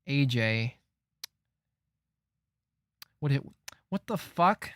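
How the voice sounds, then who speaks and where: A man reading a comic aloud on a live stream, reacting with disbelief and frequent swearing as he thinks out loud. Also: medium pitch, lively intonation, very slow, no room sound, clean studio sound.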